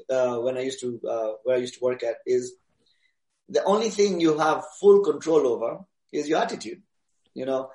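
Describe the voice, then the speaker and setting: A man answering interview questions in a casual, relaxed way, pausing often with fillers. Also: fairly high pitch, roomy sound. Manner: relaxed, hesitant with many fillers. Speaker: interview guest, DJ.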